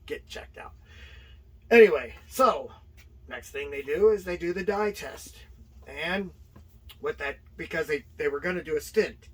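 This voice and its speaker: A man's voice: on the high side, lively intonation, moderate pace, husky. A middle-aged man, a professional wrestler, telling his story as an interview guest and acting out the dialogue. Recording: distant mic with faint noise.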